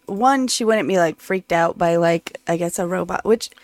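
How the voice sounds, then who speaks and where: A woman co-hosting a casual talk show, chatty and quick to laugh. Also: on the low side, dry recording. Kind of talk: casual chat.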